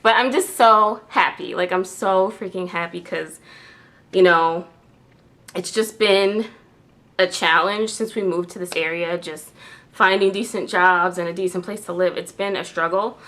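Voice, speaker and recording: A woman's voice: lowish voice, steady tone, measured pace, fairly bright tone. A woman vlogger chatting casually to her viewers, full of "like" and "um" fillers. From New York. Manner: chatty, lots of "like" and "um". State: tearful with joy. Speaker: beauty vlogger. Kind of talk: casual chat to camera.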